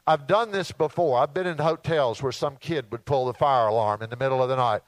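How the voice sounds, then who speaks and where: A man preaching a sermon in a folksy, animated storytelling way, acting out asides and mimicking sounds. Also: medium pitch, brisk, no echo, low-quality recording. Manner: mimics alarm beeps and announcements.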